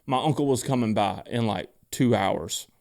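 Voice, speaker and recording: A man co-hosting a casual podcast, easygoing and quick to laugh along with his partner. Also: mid-range voice, creaky. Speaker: podcast co-host.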